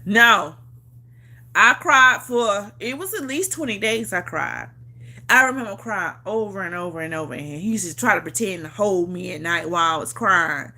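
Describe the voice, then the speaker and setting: A woman's voice: medium pitch, animated, moderate pace, bright, forceful tone. A woman vlogger telling a personal story in a casual chat. She talks emphatically, repeats herself, swears freely and laughs often. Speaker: vlogger on a livestream.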